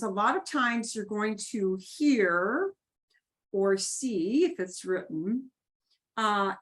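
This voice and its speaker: A woman teaching a beginners' Spanish class, explaining grammar patiently with lively rises and falls in her voice. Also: medium pitch.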